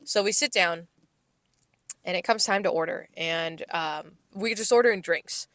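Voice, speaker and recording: A woman's voice: lowish voice, measured pace, fairly bright tone, dry recording. A woman co-hosting a podcast, telling a story in a casual, exasperated and profane way. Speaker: podcast co-host.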